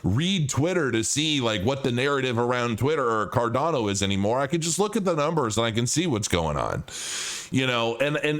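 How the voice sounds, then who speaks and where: A man's voice: mid-range voice, fairly bright tone. A man talking straight to camera about crypto in a casual, blunt and profane rant, often restarting his sentences with repeated words. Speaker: crypto commentator.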